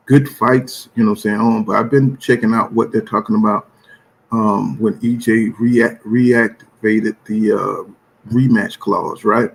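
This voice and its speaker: Gravelly laid-back man rambling. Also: fairly low pitch. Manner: laid-back, rambling, heavy "you know what I'm saying" filler. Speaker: boxing channel host. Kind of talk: casual live-stream commentary.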